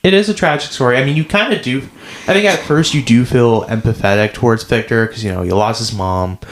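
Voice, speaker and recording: A man's voice: medium pitch, slight background noise. Hedging man in casual film chat. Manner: measured, hedging with "I guess" and "kind of". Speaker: podcast co-host. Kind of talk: casual movie review chat.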